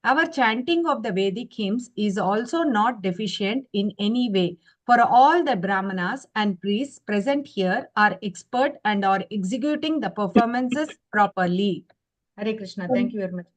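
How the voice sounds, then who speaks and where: A woman reading a scripture translation aloud in an online class, even and measured. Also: medium pitch. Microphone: video call.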